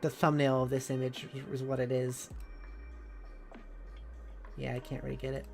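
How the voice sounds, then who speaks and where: A woman's voice: very deep voice, flat delivery, normal speed, vocal fry, darkish tone, faint music behind. A woman streamer chatting casually and rambling, with many fillers and a bubbly, giggly manner. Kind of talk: casual live-stream chat.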